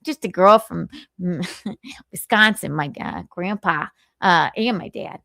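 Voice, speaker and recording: A woman's voice: lowish voice, a little slow, gravelly, a bit bright, dry recording, clean studio sound. Woman doing a giggly Midwestern girl. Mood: chatty. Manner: giggly, breezy.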